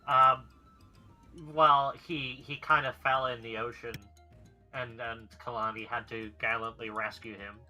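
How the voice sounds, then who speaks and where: A man's voice: medium pitch, flat delivery, unhurried, sharp tone, soft background music. A man playing a tabletop game, chatty and playful, often restarting his sentences. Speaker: player. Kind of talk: casual tabletop chat.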